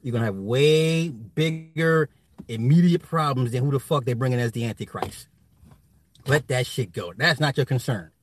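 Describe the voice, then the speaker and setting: A man's voice: medium pitch, moderate pace. A man ranting casually to his viewers, profane and rambling, laughing often. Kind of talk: casual rant.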